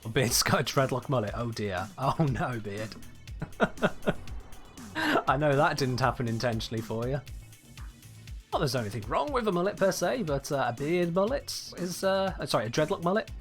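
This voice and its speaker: A man's voice: medium pitch, animated, fairly quick, faint music behind. A young man from Birmingham with a Southern English accent, chatting casually on a game stream and answering viewers as he plays. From Birmingham, England. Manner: chatty, reads and answers viewer chat while playing. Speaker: gaming streamer. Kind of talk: casual live-stream chat.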